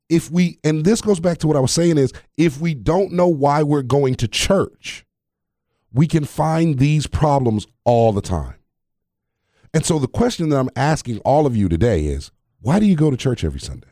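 A man's voice: on the high side, dark tone, dry recording, clean studio sound. A man hosting a casual faith podcast, preaching in repeated phrases and chuckling at his own jokes.

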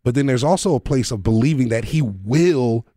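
Animated man hosting a faith talk show. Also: mid-range voice, moderate pace, dry recording, clean studio sound. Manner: animated, explains with examples, presses guest to repeat points. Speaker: podcast host.

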